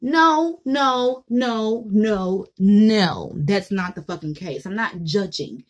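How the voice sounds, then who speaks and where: A woman speaking her mind to camera in a loud, cursing rant. She swings between heated outbursts and quieter asides, talking straight to her viewers. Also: mid-range voice, expressive, slow pace, dull audio. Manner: blunt, profane, mocking voices she imitates. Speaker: vlogger. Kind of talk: opinionated monologue to camera.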